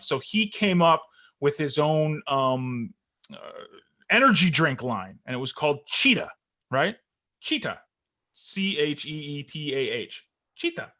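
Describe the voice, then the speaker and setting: A man, co-hosting a casual sports podcast, telling stories in an animated way and laughing often. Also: medium pitch. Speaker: co-host.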